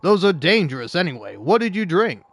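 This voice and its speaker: A man's voice: sits high, sing-song, a little fast, fairly bright tone, dry recording, exaggerated voice. A man voicing a male wizard shopkeeper from a comic strip, scolding a customer.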